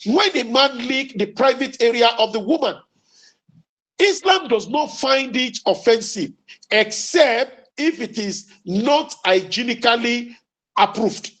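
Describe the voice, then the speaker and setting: A man's voice: extremely high pitch, lively intonation, a bit bright, low-quality recording. Emphatic male preacher giving a lecture. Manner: deliberate, emphatic, repeats key phrases; quotes Arabic sayings then explains them. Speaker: Islamic preacher. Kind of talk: religious lecture.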